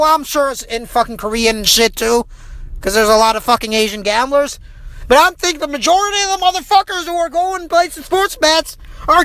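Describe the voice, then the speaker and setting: A man's voice: very high-pitched, sharp tone, no echo. A man hosting his own podcast, telling a travel story in a profane, rambling, heated rant. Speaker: podcast host. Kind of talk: recorded travel diary monologue.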